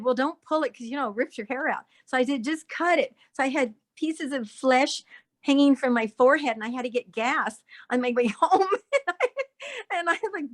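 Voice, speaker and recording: Woman guest chatting about acting gigs, bit high voice, keeps laughing and doing accents. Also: a bit bright. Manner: laughs often, mimics accents mid-story. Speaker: guest actress. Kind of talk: casual storytelling chat.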